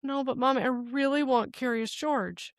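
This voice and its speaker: A woman voicing her small daughter, a little girl begging for her stuffed toy in a whiny, drawn-out way. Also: high-pitched, dry recording, clean studio sound, pitched above the performer's own voice. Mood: pleading.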